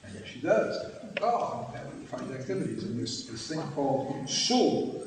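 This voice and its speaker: An older man muses on retirement at a panel, pausing often, filling gaps with "uh" and reaching for long words. His voice sits at an ordinary pitch and carries from a distance through a large, reverberant hall with noise underneath. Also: sing-song. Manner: halting and thoughtful, many fillers, wordy phrasing. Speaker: panelist sharing retirement experience. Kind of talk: reflective panel discussion. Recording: echoey hall, distant mic, background noise.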